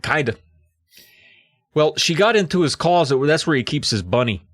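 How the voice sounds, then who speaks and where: A man co-hosting a podcast, recapping a story in a jokey, animated way. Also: on the high side, moderate pace, no echo, studio quality. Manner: animated, jokey, acts out characters. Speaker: podcast co-host.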